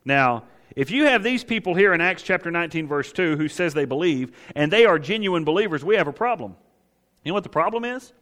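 In a recording with long hall reverb, a pastor delivers an emphatic sermon, asking his own questions and supplying the answers. His voice is a little high and a bit bright, animated and a little fast.

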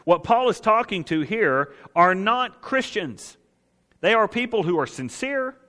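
A man with a high-sitting, sharp-toned voice preaches as pastor, very animated yet a little slow. He is emphatic and asks and answers his own questions, with long hall reverb on the recording.

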